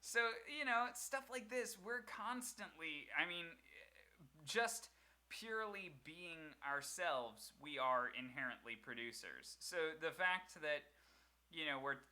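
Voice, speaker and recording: Bright-voiced young man, rambling and animated. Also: on the high side. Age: 20s. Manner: rambling, animated, quick to laugh. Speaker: podcast co-host. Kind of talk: casual chat. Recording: home setup, self-produced stream.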